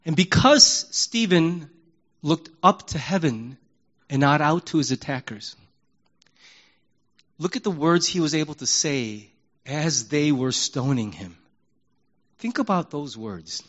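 A male pastor preaches with a slightly raised, lively voice, shifting between loud emphasis and hushed, confessional moments. He speaks candidly, like he is talking with the congregation. The recording sounds dull and lo-fi. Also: on the high side, slow pace, pauses often. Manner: conversational and candid, acts out prayers in his own voice. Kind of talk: sermon.

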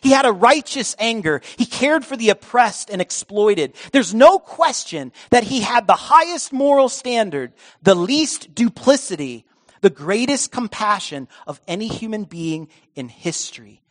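A preacher voicing a reflective elderly man, speaking softly and slowly with emotion. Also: high-pitched, sing-song, voice pushed up. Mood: tender.

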